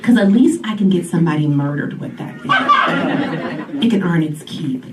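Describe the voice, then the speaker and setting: A woman's voice: lowish voice, animated, moderate pace, far from the mic, heavy background noise. A brash woman in her forties doing a stand-up comedy set, calling the audience y'all. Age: 40s. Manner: brash, sassy, addresses crowd as y'all. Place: comedy club stage. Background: loud audience laughter.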